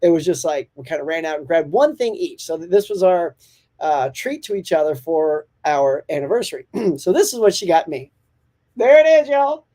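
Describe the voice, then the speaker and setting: A man's voice: on the high side, lively intonation, fairly quick, dark tone. A man hosting a casual morning live-stream chat, upbeat and talkative, laughing often as he reads out and answers viewer comments.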